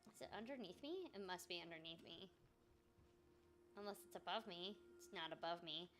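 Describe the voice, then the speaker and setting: A woman's voice: fairly low pitch, expressive, normal speed, a bit bright. A young woman voice actor chatting casually while playing a game, muttering to herself and joking about her own confusion. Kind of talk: casual gameplay chat.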